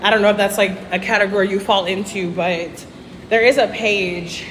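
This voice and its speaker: A woman's voice: mid-range voice, steady tone, moderate pace, fairly bright tone. Chatty woman livestreaming on a noisy phone. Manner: chatty, addresses viewers as y'all, swears casually. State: out of breath. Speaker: travel livestream host. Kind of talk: casual livestream chat while walking.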